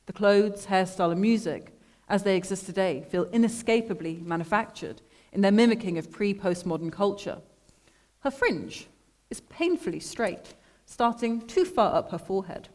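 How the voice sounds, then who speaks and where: Woman reading her prose, dry and measured. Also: mid-range voice, expressive, darkish tone. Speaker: artist reading her own text. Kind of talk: literary reading to an audience. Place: lecture room at an art school. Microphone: microphone.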